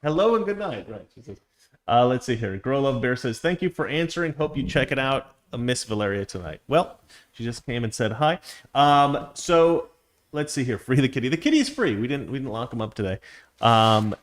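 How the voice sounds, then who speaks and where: A man's voice: medium pitch, expressive, moderate pace. A man hosting a live stream, reading viewer comments and giving opinions in a rambling, casual way with many restarts. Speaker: host.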